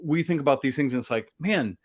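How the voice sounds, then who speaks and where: A man's voice: mid-range voice, fast, a little hiss or hum. A man co-hosting a casual sports podcast, chatty and self-deprecating, laughing often. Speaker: podcast co-host.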